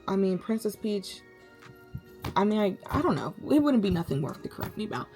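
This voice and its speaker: A young woman tells a story to her viewers in a lively, slangy way and breaks off for dramatic asides. Her voice sits at a middle pitch. Music plays faintly underneath. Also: brisk. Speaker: vlogger. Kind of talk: storytime vlog.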